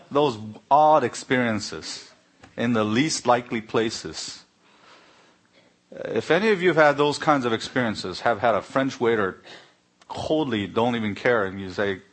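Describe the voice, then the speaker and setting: A middle-aged man, preaching a sermon full of personal stories and acted-out dialogue. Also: lowish voice. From Korea. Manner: anecdotal, animated when acting out dialogue. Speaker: pastor. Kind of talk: sermon with storytelling.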